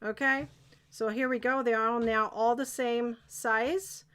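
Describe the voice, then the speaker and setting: A woman leads a live crochet tutorial in a chatty, excitable way, stopping often to check that everyone is keeping up. Her voice sits a little high. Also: unhurried, clear, resonant tone. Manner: chatty, encouraging, excitable, asks viewers if they follow. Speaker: crochet teacher.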